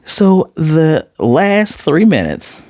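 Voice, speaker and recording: A man recapping an anime episode in casual talk, animated and quick to slip into quoted voices. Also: fairly high pitch, dry recording, studio quality. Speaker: anime reviewer.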